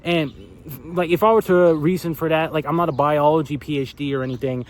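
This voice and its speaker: A man's voice: on the high side, steady tone, a little fast. A young man vlogging in a casual, profane, filler-heavy rant. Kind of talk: casual ranting monologue.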